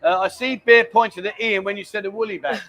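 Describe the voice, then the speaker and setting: Broadcasting a casual live stream from a lounge bar, a man chats with viewers, reads their messages aloud and calls people "mate." His high-pitched voice is steady in tone and fairly bright, delivered rapid-fire. There's slight background noise.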